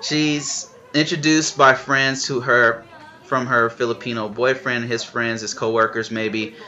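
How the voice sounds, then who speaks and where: A man's voice: medium pitch, little pitch movement, unhurried, bright, forceful tone, lo-fi sound. A man hosting a live reaction stream, chatting casually and playfully acting out the scenes he describes. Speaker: reaction video host.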